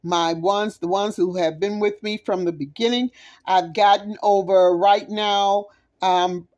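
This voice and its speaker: Slow, gushing Southern woman. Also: medium pitch, fairly even intonation, a little mellow, dull audio. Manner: gushing, exclamatory, chatty with viewers; talks while eating. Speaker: home cook, channel host. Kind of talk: casual cooking vlog, taste test. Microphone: phone camera.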